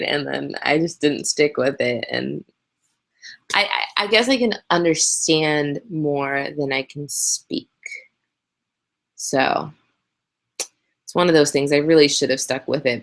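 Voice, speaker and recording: Young woman host, unhurried and husky-edged with vocal fry, relaxed ums, tired and pregnant, live webcam chat. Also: sits low. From North Carolina. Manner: relaxed, chatty, with frequent ums and light laughs. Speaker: host answering viewer questions.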